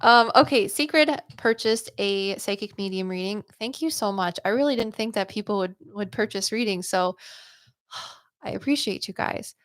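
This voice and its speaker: A woman's voice: mid-range voice, normal speed, dry recording, clean studio sound. Upbeat, chatty woman psychic host. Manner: chatty, rambling, full of "like" and "um". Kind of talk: livestream readings chat.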